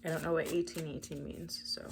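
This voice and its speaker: Low-voiced emotional woman spiritual reader. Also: level tone, fairly quick, creaky, noisy background. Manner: emotional, casual, swearing, speaks to viewers as collective. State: emotional, near tears. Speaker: tarot reader. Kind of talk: spiritual reading to camera.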